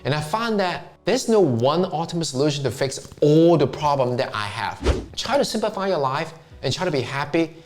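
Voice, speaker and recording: A man's voice: a little high, very animated, normal speed. A middle-aged man with a Chinese accent, giving an earnest motivational talk as a self-help vlogger and often asking himself questions.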